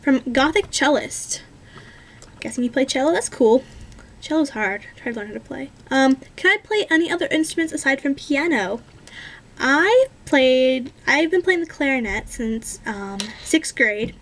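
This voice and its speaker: A young woman in her twenties with a high voice chats casually to the camera, answering viewer questions. She rambles, stops to correct herself and fills the gaps with ums. Her tone is easygoing and pokes fun at herself. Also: animated, normal speed. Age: 20s. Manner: chatty and rambling, many ums and self-corrections. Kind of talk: casual chat.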